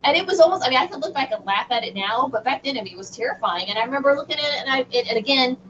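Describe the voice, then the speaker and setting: A middle-aged woman, an interview guest telling a personal story in an animated, emphatic way with frequent restarts. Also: high-pitched, very fast. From Southern United States. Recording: distant, dull remote audio with faint noise.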